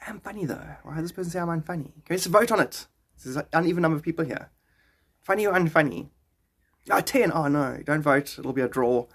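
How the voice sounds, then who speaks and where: A man's voice: on the high side, fast talker. A man streaming live and chatting casually with his viewers, rambling, joking and greeting them by name. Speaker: livestreamer.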